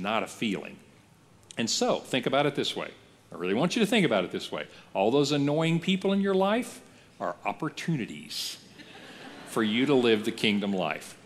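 A man preaching a sermon as a pastor, in a conversational, lively style that acts out the voices he quotes. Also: mid-range voice, long reverb tail. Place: church.

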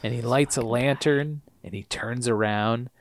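A man's voice: medium pitch, measured pace, crowd noise. A man co-hosting a podcast, recapping a TV episode in a chatty way, laughing often and dropping into character voices. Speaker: podcast co-host. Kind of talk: casual TV recap chat.

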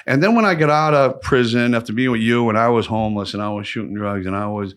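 A man hosting a podcast at an everyday middle pitch, drifting through long stories with plenty of swearing. His talk is casual and loose, as if chatting with an old friend. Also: quick pace, clean tone. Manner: rambling storyteller, swears freely. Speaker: podcast host.

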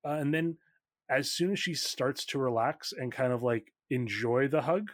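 A man running a tabletop game as game master, narrating quickly and loosely with plenty of likes and ums. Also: mid-range voice, no room sound, clean studio sound.

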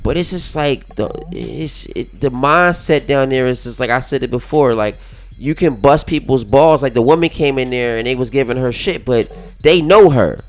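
A man in loose, casual conversation, swearing freely as he tells a story. He is animated and slips into other people's voices to act out their lines. His pitch sits at an ordinary middle height. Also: moderate pace, soft background music. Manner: profane, animated storytelling with acted-out quotes. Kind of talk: casual chat.

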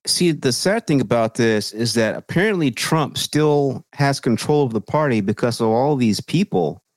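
Male podcast co-host, mid-pitched, sarcastic and profane, dry close sound. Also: expressive, normal speed, dry recording. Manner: profane, sarcastic, mocking quoted voices. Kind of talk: casual political chat.

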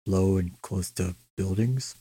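A man's voice: low-pitched, slow, dark tone, breathy edge, no room sound. A young man co-hosting a casual chat, swearing freely and making sarcastic jokes. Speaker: podcast co-host.

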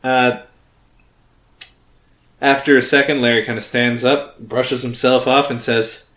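A man's voice: medium pitch, flat delivery, a little slow, a bit bright. A man runs a tabletop game, narrating scenes and voicing bits with a playful, laughing manner. His voice sits in the middle range and carries a roomy echo. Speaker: game master.

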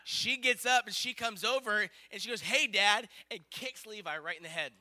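High, very bright-voiced male preacher. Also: brisk. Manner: rambling, animated storyteller with many fillers. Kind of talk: storytelling sermon.

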